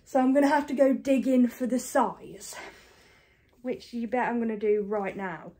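A woman from the UK chatting casually to camera about her thrift finds, fast and self-deprecating, a bit out of breath. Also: a little high, dark tone. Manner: chatty and self-deprecating, talks fast with many ums and likes. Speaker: reseller vlogger. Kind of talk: casual haul chat to camera.

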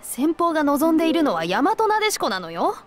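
Brief: strict aristocratic mother, visual novel, quick and clipped, restrained anger. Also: high voice, big pitch swings. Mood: stern. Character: stern upper-class mother, middle-aged, controlling.

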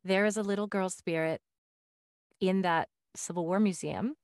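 A woman hosts a podcast in a slightly low voice, speaking with lively enthusiasm. Her sound is dry and close, with no room echo. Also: normal speed. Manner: enthusiastic, animated storytelling. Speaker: podcast host. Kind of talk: casual interview chat.

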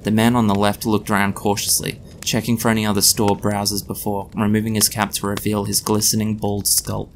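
Gravelly man reading a story. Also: lowish voice, completely flat delivery, brisk, few pauses, slight background noise. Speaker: author reading his story.

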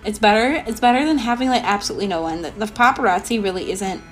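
A young woman hosting a let's play, chatting in a bubbly, excitable way full of "like" and "um". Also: medium pitch, fast. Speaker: gaming channel host. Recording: light background music.

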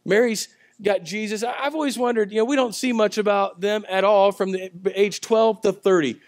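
Guy preaching at church, chatty storytelling, gets loud then drops quiet, kinda high voice, dry sound. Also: steady tone, normal speed, dry recording. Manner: conversational storytelling with acted-out voices; swings between loud emphatic and quiet lines. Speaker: pastor. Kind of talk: sermon. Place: church service.

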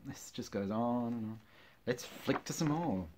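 A man's voice: mid-range voice, lively intonation, measured pace, background noise. A middle-aged man reading old jokes aloud, groaning and laughing at them with wry, self-mocking asides. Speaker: channel host.

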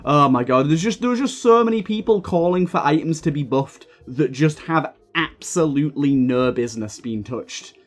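A man's voice: a little high, animated, normal speed, few pauses. A young man giving live gameplay commentary, ranting heatedly and swearing often as he plays. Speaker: gaming video creator.

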